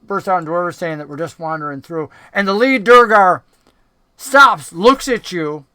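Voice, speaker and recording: A man's voice: sits high, normal speed, sharp tone, smooth, no room sound, clean studio sound. A man narrating as dungeon master in a tabletop game, describing scenes in a casual way with many fillers.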